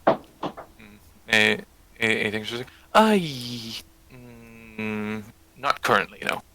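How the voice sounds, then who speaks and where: A man's voice: lowish voice, slow, bright, forceful tone. A man playing in a tabletop game who talks in a hesitant, unsure way. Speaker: player.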